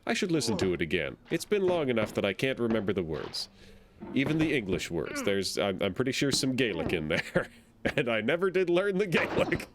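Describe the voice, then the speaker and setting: A man's voice: medium pitch, big pitch swings, fairly quick, noisy background. A man streaming a game, rambling casually and playfully and making silly sound effects between thoughts. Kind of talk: casual gameplay commentary.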